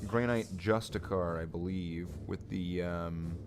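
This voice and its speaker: A man's voice: low-pitched, fairly even intonation, takes it slowly. A man chatting casually while painting miniatures on a hobby stream, rambling and joking as he thinks aloud.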